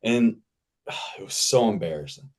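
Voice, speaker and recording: A man, an actor guest, telling a casual anecdote in an animated way, repeating himself and laughing as he talks. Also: lowish voice, a little slow. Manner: animated, repetitive, laughing mid-sentence.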